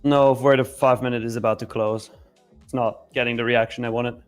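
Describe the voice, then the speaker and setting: A man's voice: mid-range voice, steady tone, fairly quick. Guy on a live trading stream, mid voice, laid back, asks for likes, faint music behind. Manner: easygoing, explains setups plainly, pushes likes and subscribes. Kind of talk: casual live-stream chat and viewer callouts.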